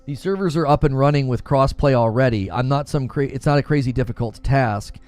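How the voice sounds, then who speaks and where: A man hosting a casual gaming news live stream, talking straight to his chat in an animated way. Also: medium pitch, fairly quick, clean tone, no room sound, soft background music.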